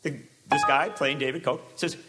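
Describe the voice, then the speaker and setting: A man giving a public talk with sarcastic, animated delivery and frequent asides. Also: a little high, moderate pace, music in the background. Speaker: speaker.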